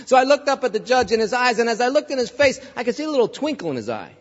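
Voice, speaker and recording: A man preaching a sermon as a pastor, telling a story with animated delivery and acting out voices, in a dull recording with long hall reverb. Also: high-pitched, very fast, few pauses.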